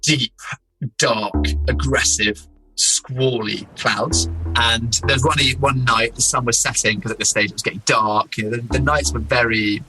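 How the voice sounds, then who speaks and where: A young man from England, an explorer, telling his own story in a casual, animated way, laughing as he goes. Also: medium pitch, music in the background, rough recording. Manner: animated, laughing, doing quick impressions of people.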